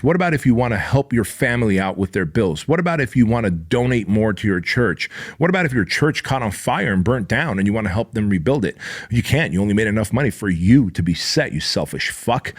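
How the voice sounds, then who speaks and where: A man's voice: medium pitch, slightly rough. A man in his forties hosting a podcast, giving a blunt, profane motivational monologue with heavy emphasis. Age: 40s. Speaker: podcast host.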